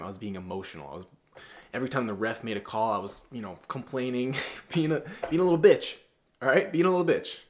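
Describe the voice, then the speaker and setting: A young man in his twenties lectures in a blunt, preachy way, full of casual slang. His voice sits a little low as he coaches other men on how to carry themselves. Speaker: masculinity coach. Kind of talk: casual motivational monologue.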